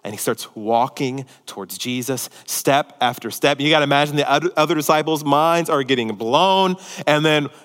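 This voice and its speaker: Male pastor, slightly high voice, dramatic sermon delivery, long hall reverb. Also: normal speed, few pauses. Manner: dramatic swings from emphatic to hushed; repetitive, rhetorical questions.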